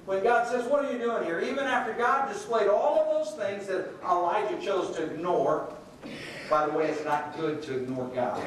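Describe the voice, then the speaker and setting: A middle-aged man preaches with a fairly high voice, retelling the story and slipping into quoted voices. He is heard from a distance, and the sound rings around a large, very echoey hall with a faint hiss underneath. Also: normal speed. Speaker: pastor. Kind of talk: sermon. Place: church sanctuary.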